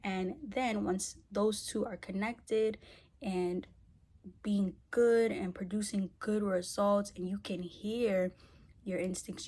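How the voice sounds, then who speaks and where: Chatty woman coach, casual and animated. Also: medium pitch. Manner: energetic, conversational, often asks "right?". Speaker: wellness coach. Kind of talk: casual talk to camera.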